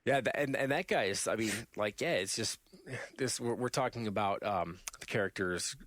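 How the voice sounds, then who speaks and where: A man co-hosting a podcast in casual chat, telling stories in a rambling, animated way with many restarts. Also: on the low side, normal speed, dry recording. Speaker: podcast co-host.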